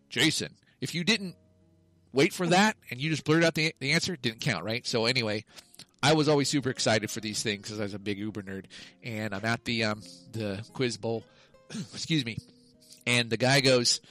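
A podcast co-host on a casual comedy show speaks at medium pitch in a pushed, bright voice, captured in a rough recording. He tells a long, rambling story, correcting himself midway, losing the thread, and laughing at himself.

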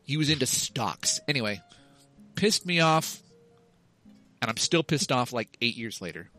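A man co-hosting a casual comedy chat, ranting and swearing through his stories with quick asides. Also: mid-range voice, animated, bright, forceful tone, soft background music. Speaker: podcast co-host.

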